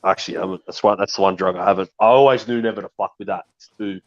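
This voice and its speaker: Over dull, lo-fi call audio, a stream chat guest fires off words rapidly in a low, steady voice. His talk is crude, profane banter that rambles along as he calls everyone "bro."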